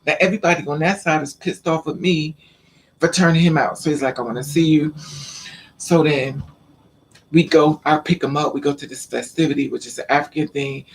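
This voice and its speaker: Gravelly, higher-pitched man telling a story. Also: fairly quick, a little hiss or hum. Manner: animated, rambling, streetwise slang. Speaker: vlogger. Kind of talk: casual storytelling monologue.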